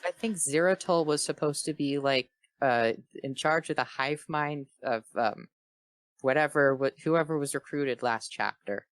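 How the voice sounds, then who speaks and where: A man's voice: fairly high pitch, fairly bright tone, no echo. Man reading fanfiction aloud, dry mic. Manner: reads in quick character voices and breaks off to joke. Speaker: fanfiction reader. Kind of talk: comedic dramatic reading with commentary.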